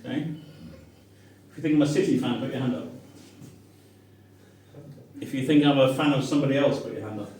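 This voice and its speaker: A man's voice: mid-range voice, fairly quick, pauses often, slight background noise. A middle-aged English man with a Manchester accent, giving a humorous storytelling talk to an audience and acting out the voices he quotes. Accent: Mancunian English. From Manchester, England. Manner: animated, self-mocking, acts out quoted voices. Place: restaurant dining room with an audience. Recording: echoey room from far off.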